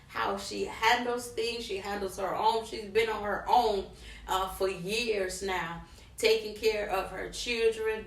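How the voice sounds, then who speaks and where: A middle-aged woman vlogger, an animated storyteller speaking straight to her viewers. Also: mid-range voice. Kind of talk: personal story time. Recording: roomy, from a distance.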